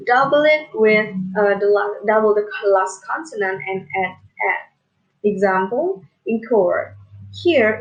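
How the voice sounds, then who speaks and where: Young woman student from Indonesia presenting a class lesson; unhurried, careful delivery, often repeating a word as she explains. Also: medium pitch, rough recording. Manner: slow, careful, repeats words while explaining.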